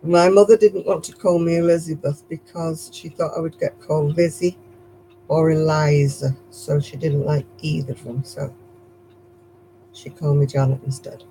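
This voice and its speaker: A woman's voice: low voice, steady tone, normal speed, dark tone, a little hiss or hum, poor audio. Chatty Lancashire woman crocheting on stream. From Lancashire, England. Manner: chatty, rambling, chuckles at herself. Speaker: live stream host. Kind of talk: casual live-stream chat while crocheting.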